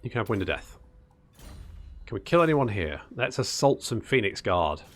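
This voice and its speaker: A man's voice: fairly low pitch, sing-song, normal speed, slight background noise. A man hosting a casual strategy game let's-play, chatting and muttering to himself as he plays and calling his units "buddy". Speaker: gaming channel host.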